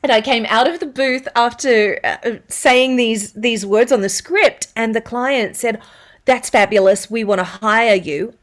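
An Australian woman who works as a voiceover artist tells stories as a guest in an interview. Her voice is fairly high and unhurried, and she's animated, laughing and acting out the quotes.

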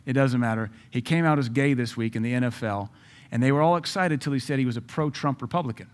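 Guy preaching a sermon, chatty and emphatic, jumps loud out of nowhere, cracks asides to the crowd. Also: medium pitch, quick pace. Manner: emphatic, conversational preaching with sudden loud rises; jokes and asides to the audience.

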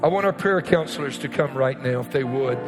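A pastor preaching a sermon to his congregation, often shouting out his lines and then dropping to a quieter teaching voice. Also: mid-range voice, a little fast, over music. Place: church sanctuary with congregation. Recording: long reverb in a church hall.

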